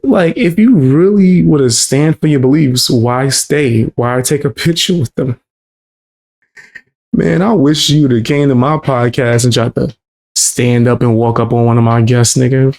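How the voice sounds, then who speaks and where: A man's voice: mid-range voice, measured pace, a little mellow. A man streaming his reaction to a clip, mocking and incredulous, talking in heavy slang. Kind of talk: casual reaction commentary.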